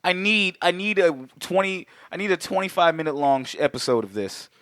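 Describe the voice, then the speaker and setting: A man co-hosting a podcast, recapping a movie in casual, profane chat, laughing and acting out characters in quick bits. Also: high-pitched, lively intonation, fairly bright tone, dry recording, clean studio sound. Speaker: podcast co-host.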